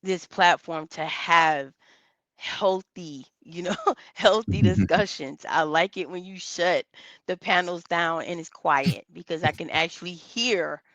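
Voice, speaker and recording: A woman's voice: fairly low pitch, a little slow, fairly bright tone, dry recording. A woman calling in to a talk stream, earnest and rambling, restarting her sentences often. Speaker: caller. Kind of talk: casual call-in chat.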